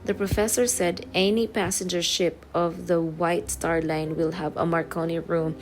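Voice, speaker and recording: A woman reading the lines of a polite, well-spoken teenage boy in a measured way. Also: fairly high pitch, flat delivery, soft background music, lightly acted. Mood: explaining.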